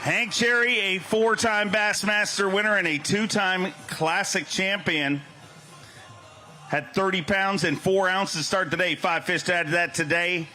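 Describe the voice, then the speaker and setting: A man emceeing a fishing tournament weigh-in on an outdoor stage, hyping anglers with loud booming calls. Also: steady tone, unhurried, soft background music. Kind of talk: weigh-in announcing.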